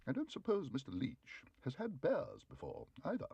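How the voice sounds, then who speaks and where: A man voicing a brisk, firm older housekeeper woman with a disapproving manner, in a husky voice. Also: medium pitch, huge pitch swings, warm tone, no echo, highs cut off, exaggerated voice. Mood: indignant.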